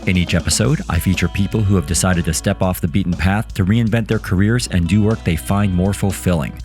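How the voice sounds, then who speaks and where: A man hosting a career podcast, his voice sitting very low and his delivery polished and upbeat. Soft music plays faintly underneath. He moves from a scripted intro into easy interview questions. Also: brisk. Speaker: podcast host.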